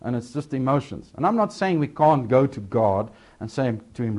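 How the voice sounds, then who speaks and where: Man, preacher, sermon, middle pitch, loud emphasis, quiet asides. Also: big pitch swings, moderate pace.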